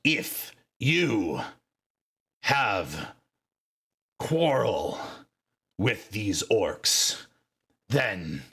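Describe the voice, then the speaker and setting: A robed orc seer speaks in slow, ceremonial pronouncements, as a man voices him in a tabletop game. His voice is gravelly and deliberate, and each word is weighed like a ruling. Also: lowish voice, sharp tone, full character voice. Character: solemn male orc seer in priestly robes.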